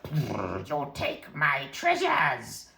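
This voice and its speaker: A man voicing a male wizard turning into a troll, speaking slowly and with menace, in an echoey room. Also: mid-range voice, huge pitch swings, gravelly, sharp tone, full character voice. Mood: menacing.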